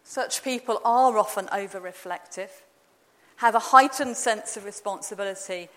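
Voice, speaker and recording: A woman giving a measured, gentle, reflective sermon in a church. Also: medium pitch. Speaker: preacher. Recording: long reverb of a large hall.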